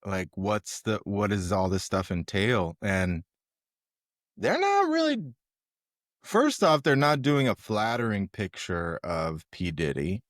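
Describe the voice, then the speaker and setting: A man of ordinary pitch co-hosting a podcast, taking his time with each thought while his voice rises and falls freely. He laughs along with his partner, and the recording is dry and close. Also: huge pitch swings, dry recording. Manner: drawn-out, unhurried storytelling with laughs. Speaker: podcast co-host. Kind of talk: casual comedic chat.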